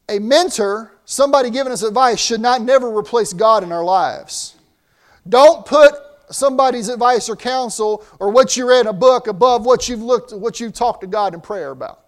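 A man's voice: very high-pitched, moderate pace, fairly bright tone. A man preaching a sermon in a conversational way, with asides and restarts.

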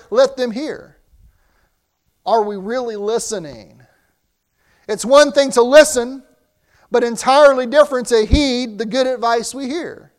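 A man preaching a sermon in a conversational way, with asides and restarts. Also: extremely high pitch.

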